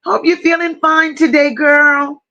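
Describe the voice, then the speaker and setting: A woman hosting a casual livestream, slowly greeting viewers by name and reading their comments aloud. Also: high-pitched, fairly even intonation, lo-fi sound. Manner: warm drawn-out greetings with endearments. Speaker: livestream host.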